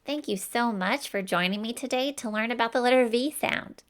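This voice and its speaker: A woman's voice: on the high side, normal speed, lightly acted. A woman voicing a cheerful, folksy teacher, giving an encouraging, sing-song phonics lesson for children.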